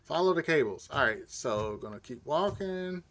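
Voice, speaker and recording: A man's voice: a little high, animated, moderate pace, fairly bright tone, a little hiss or hum. A man hosting a video game walkthrough, chatting casually in a laid-back, rambling way with lots of fillers. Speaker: gaming channel host. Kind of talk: casual gameplay commentary.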